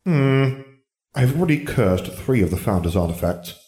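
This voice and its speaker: A man's voice: medium pitch, sing-song, moderate pace, mellow, reverberant, pitched above the performer's own voice, close to an everyday voice. A man voicing an old, sly magical talking hat with a musing, teasing manner.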